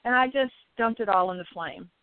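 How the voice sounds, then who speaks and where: A woman chatting casually about spiritual experiences, animated and laughing often as she acts out her own inner dialogue. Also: mid-range voice, a little fast, no room sound. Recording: tinny phone-line sound.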